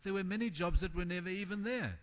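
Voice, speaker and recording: This keynote speaker talks fast in a high-pitched voice, giving a motivational conference talk to a hall audience. He's animated and emphatic, acting out the voices of those he quotes.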